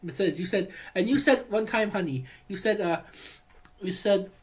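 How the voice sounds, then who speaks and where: A man recording a rambling, affectionate personal video message, talking in halting bursts full of restarts and calling his partner honey. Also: high-pitched. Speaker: vlogger.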